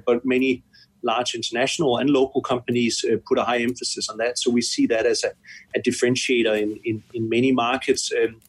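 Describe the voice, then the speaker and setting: Husky hesitant male executive. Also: mid-range voice, rough recording. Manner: hesitant, many restarts and fillers. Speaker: chief executive being interviewed. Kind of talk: business interview. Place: Singapore.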